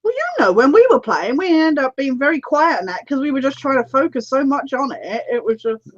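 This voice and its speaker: A woman co-hosting a casual gaming chat, lively and quick to laugh. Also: sits high. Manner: lively, laughs often, agreeable. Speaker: podcast co-host. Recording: dull lo-fi audio.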